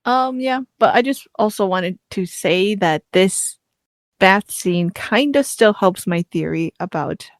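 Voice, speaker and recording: A woman's voice: mid-range voice, expressive, slow. A woman with a mid-range voice talks in a playful, teasing way and giggles often while she chats about a book. She co-hosts the show on a close microphone. The sound is dry, with no room echo. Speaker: podcast co-host. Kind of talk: casual book discussion. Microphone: studio mic.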